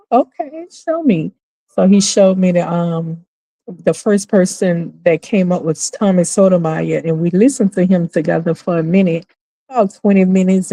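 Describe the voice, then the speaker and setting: A middle-aged woman hosting her channel, telling a story in casual commentary and acting out quotes with high squeals and laughs. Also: mellow, dry recording, poor audio. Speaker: channel host.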